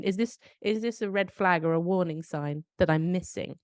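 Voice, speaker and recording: A British woman with a slightly low voice, co-hosting a podcast in casual conversation. She tells everyday stories and then reflects on them aloud, often questioning herself as she goes. The recording is close and dry, with no room echo. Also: normal speed, a little mellow. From United Kingdom. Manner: reflective, storytelling with self-questioning asides. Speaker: podcast co-host.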